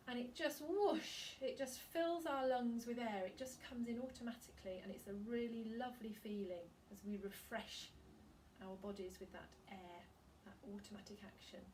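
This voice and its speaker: A woman singing teacher gently guiding a breathing and vocal warm-up, giving calm, encouraging instructions. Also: medium pitch, far from the mic, a little hiss or hum.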